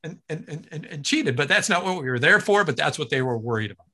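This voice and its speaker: A man from Ohio, a guest who works as a voice announcer, telling a story with lively energy and acting out other people's lines. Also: fairly high pitch, fast. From Ohio, USA. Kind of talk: animated storytelling in casual chat.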